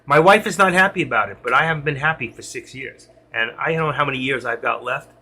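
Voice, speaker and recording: A man's voice: medium pitch, quick pace, pushed and bright, breathy edge. A middle-aged man on a live stream, talking to his chat in an emotional, rambling way and answering viewers by name.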